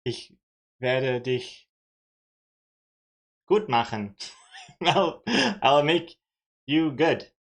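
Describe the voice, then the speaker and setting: A woman's voice: rumbling low, drawn-out words, long pauses. A woman from Austria chatting casually on a live stream, playful and self-mocking, often laughing at herself.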